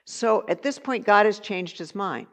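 A woman's voice: mid-range voice, expressive, a little slow. A woman teaching a Bible study lesson in a conversational way, with chatty asides and filler words.

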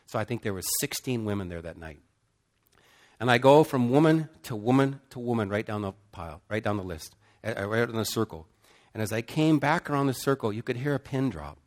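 A middle-aged man preaching, telling a story with emphatic swings between loud bursts and hushed, slow passages. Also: medium pitch, lively intonation. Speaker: pastor. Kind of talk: sermon storytelling.

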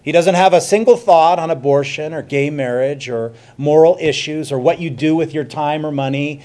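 A man preaching a sermon as pastor, emphatic and swelling loud then dropping soft, with conversational asides to the congregation. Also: a little high, normal speed.

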